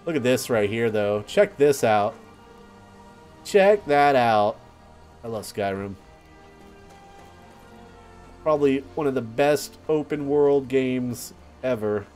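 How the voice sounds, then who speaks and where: A young man hosting a let's play, giving casual gameplay commentary and getting easily excited, yelping and laughing at surprises. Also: mid-range voice, slow, pauses often, soft background music.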